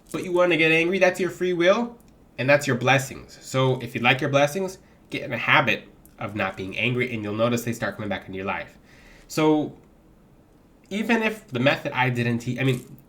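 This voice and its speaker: A man's voice: medium pitch, a bit bright. A man giving spiritual advice to camera in a casual vlog. He preaches with animation and laughs readily. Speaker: spiritual vlogger selling gemstones.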